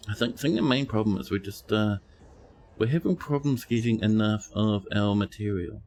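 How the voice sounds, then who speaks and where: A man's voice: lowish voice, normal speed, a little mellow, slight background noise. A man streaming a space game live, giving playful, chatty commentary and joking with the characters.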